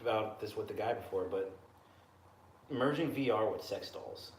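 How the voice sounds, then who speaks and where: Profane, animated man in an echoey room. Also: on the low side, normal speed. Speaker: podcast co-host. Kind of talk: casual chat. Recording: echoey room with faint noise.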